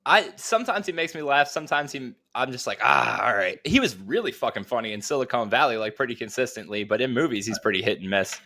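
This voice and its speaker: A man's voice: medium pitch, animated, fast, few pauses, sharp tone. A young man co-hosting a casual podcast, telling rambling stories, laughing often and trailing off mid-sentence. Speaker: podcast co-host. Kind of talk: casual chat.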